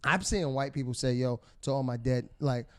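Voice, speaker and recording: A man's voice: medium pitch, moderate pace. A man co-hosting a podcast in casual chat, teasing and laughing often. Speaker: podcast co-host.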